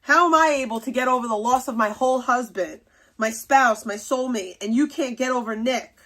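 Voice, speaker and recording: Speaking at a normal speed in a fairly bright, highish voice, a young woman running a livestream furiously scolds someone, swearing as she rants.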